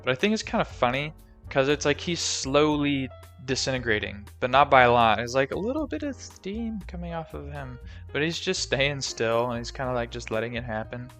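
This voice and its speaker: A man's voice: medium pitch, animated, brisk, a bit bright. A young man recapping a movie plot in a casual, jokey, rambling way with lots of fillers. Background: faint background music.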